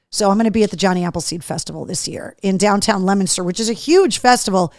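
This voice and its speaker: A woman's voice: mid-range voice, brisk, darkish tone, no echo, studio quality. A middle-aged woman from Massachusetts hosting a live show in casual chat, reading viewer comments aloud and talking freely. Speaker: host.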